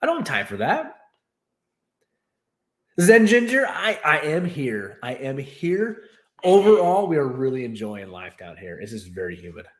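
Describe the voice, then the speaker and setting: A man's voice: mid-range voice, huge pitch swings, unhurried. Guy rambling on a live stream, laughs a lot, easygoing chat. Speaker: streamer and host. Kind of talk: casual livestream chat. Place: new home in Texas.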